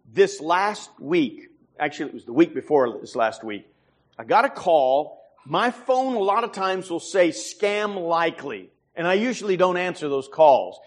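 Brief: middle-aged male preacher, high voice, animated storytelling delivery with chuckles. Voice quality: lively storyteller, chuckles often. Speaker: pastor. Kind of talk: sermon.

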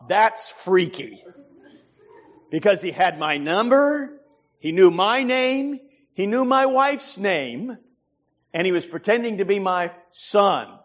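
A middle-aged man preaching a sermon as a pastor, telling stories in a lively way with frequent chuckles. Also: high-pitched, unhurried. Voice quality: lively storyteller, chuckles often.

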